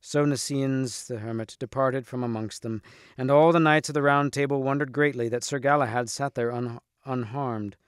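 Man reading a storybook, smooth. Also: medium pitch, fairly even intonation, normal speed, dry recording, studio quality. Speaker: reader. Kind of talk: storybook read-aloud.

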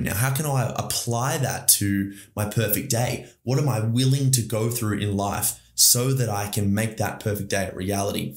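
Aussie guy hosting a podcast, pumped up and rambly, kinda low voice with room echo. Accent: Australian. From Australia. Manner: enthusiastic, rambling, addresses listeners as guys. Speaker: podcast host. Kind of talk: motivational monologue. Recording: roomy echo.

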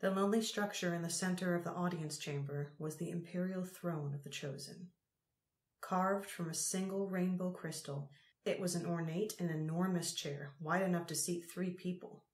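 A woman narrating an audiobook chapter in a measured, unhurried reading. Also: on the low side, fairly even intonation, a little mellow. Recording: roomy echo.

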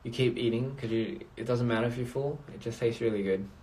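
A man's voice: mid-range voice, fairly quick, darkish tone. A man chatting casually on a phone livestream, rambling and reading out viewer comments. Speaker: livestream host.

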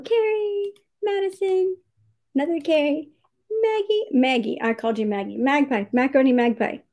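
A woman's voice: fairly high pitch, gravelly, darkish tone. A woman hosting a casual livestream writing sprint, cheerfully greeting viewers by name, reading their comments aloud and laughing often.

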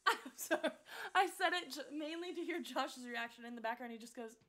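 A woman's voice: high voice, moderate pace, a bit bright. A young woman streaming a life-sim game, chatting casually with viewers and talking to her characters, often giggling. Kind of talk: casual live-stream commentary.

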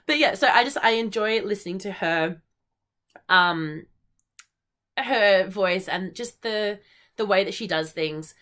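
A young Australian woman hosting her knitting podcast in a chatty, high-energy way, full of ums and likes. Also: measured pace, long pauses, sharp tone. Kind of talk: casual solo chat.

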